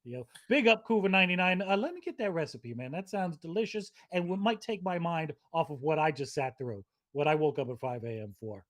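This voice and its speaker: Man co-host, sardonic, slightly high voice, dry close sound. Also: animated, fairly quick, few pauses, dry recording. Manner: sardonic, weary, joking. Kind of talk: live football watchalong chat.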